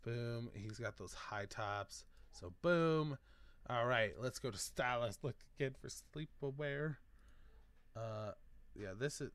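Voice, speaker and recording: A man's voice: mid-range voice, measured pace, fairly bright tone, no echo. A man hosting a gaming video, chatting casually and thinking aloud as he picks options. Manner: rambling, thinking aloud while choosing options. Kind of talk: casual let's-play commentary.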